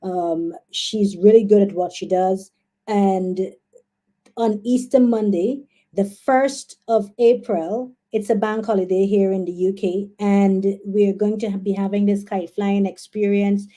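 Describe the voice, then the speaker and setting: A young woman from Guyana with a Guyanese accent, hosting a casual live stream in an excitable, chatty way. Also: mid-range voice, a little slow. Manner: chatty, excitable, laughs and exclaims often. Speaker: livestream host.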